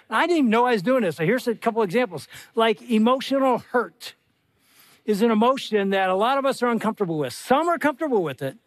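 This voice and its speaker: Animated older man preaching a sermon. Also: very high voice, no room sound. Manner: animated, acts out dialogue with big voice jumps. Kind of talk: sermon to a live audience.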